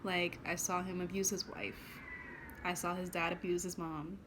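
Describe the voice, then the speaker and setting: A woman's voice: fairly low pitch, little pitch movement, moderate pace, noisy background. A woman vlogger telling a personal story in a casual, blunt and emotional way.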